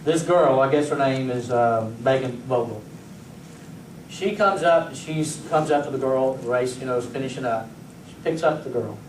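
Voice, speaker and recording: A man's voice: mid-range voice, moderate pace, slight background noise. A pastor preaching a sermon, telling stories animatedly and talking straight to his congregation. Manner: animated storyteller who acts out scenes, addresses the congregation directly. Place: church sanctuary. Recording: echoey church room, voice from a distance.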